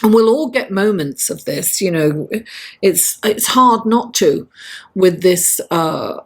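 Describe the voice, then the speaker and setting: A woman giving a chatty, encouraging tarot reading straight to her viewers, laughing often and speaking in a lively, motivational way. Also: fairly low pitch, slow pace, breathy edge. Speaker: astrology and tarot reader. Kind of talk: casual tarot reading to camera.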